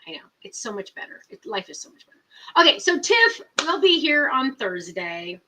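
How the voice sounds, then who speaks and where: A woman's voice: high-pitched, very animated, moderate pace, background noise. A woman hosting a casual live chat, reading viewer comments aloud and talking emphatically with lots of repetition. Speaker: livestream host.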